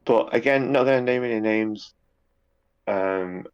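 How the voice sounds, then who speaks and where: A man's voice: fairly low pitch, a little slow, clear, resonant tone, muffled recording. A man chatting casually in an interview, rambling a little with repeated words and fillers. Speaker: guest, YouTube narrator.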